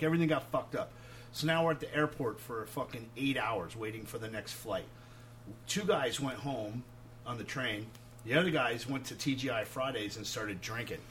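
A man, a touring musician, telling animated road stories full of swearing and acted-out quotes. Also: mid-range voice, moderate pace, a little hiss or hum. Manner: profane, animated anecdotes acting out quotes. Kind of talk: casual storytelling.

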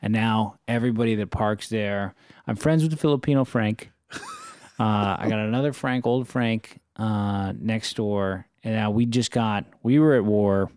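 A man in casual conversation, telling animated stories about his neighbors and acting out their lines. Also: lowish voice, unhurried, clear, resonant tone, no echo, clean studio sound. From Los Angeles area. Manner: animated anecdotes, mimics neighbors. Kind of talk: casual storytelling chat.

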